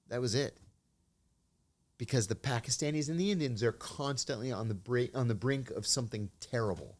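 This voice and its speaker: A middle-aged man, a former intelligence officer, telling measured anecdotes as an interview guest. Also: medium pitch, darkish tone. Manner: measured anecdotal storytelling, acts out quoted dialogue. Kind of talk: storytelling in an interview.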